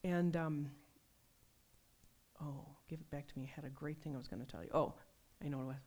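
A woman preaching a sermon, telling personal stories in a conversational, animated way. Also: low-pitched, a little fast. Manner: conversational, animated storytelling with laughs.

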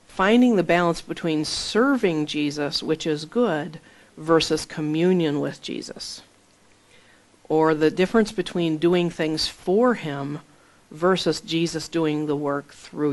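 Female pastor, earnest storytelling sermon delivery. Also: low voice.

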